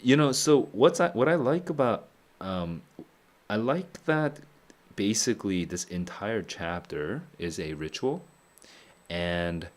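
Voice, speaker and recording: A man reading a novel aloud and reacting to it, thinking out loud and often chuckling. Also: on the low side, expressive, slow. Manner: musing aloud, frequent chuckles. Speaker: book club streamer.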